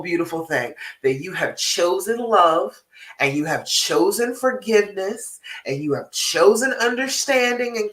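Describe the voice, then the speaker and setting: Woman coach live streaming, bright sharp voice, keeps asking all right?, echoey room a bit off mic. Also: medium pitch, far from the mic. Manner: direct and encouraging, tag questions like "all right?"; laughs often, frank and a little salty. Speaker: relationship coach.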